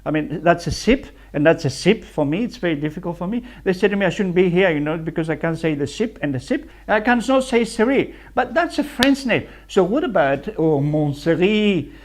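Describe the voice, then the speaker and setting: High-voiced builder laughing at his jokes. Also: animated, fairly quick, few pauses. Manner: chatty, keeps laughing at his own jokes. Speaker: licensed builder. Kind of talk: casual chat reacting to clips. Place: building site.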